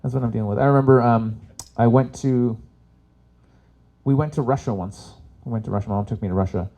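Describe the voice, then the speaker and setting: Mellow-voiced man doing stand-up. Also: mid-range voice, steady tone, fairly quick. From Canada. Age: 40s. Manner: chatty, swears freely, laughs at his own jokes. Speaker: comedian and workshop host. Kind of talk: live stand-up comedy talk.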